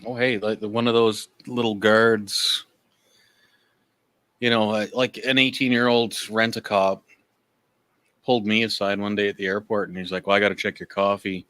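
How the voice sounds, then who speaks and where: A man's voice: fairly low pitch, steady tone, normal speed, pauses often, fairly bright tone, dry recording. A man from Canada chatting on a livestream, telling blunt, profane stories. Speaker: livestream guest. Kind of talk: casual chat.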